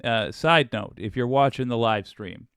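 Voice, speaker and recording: A man's voice: mid-range voice, moderate pace, fairly bright tone, clean tone, no echo, clean studio sound. A man hosting a live-streamed political commentary show, talking casually in rambling, self-interrupting asides. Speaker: show host.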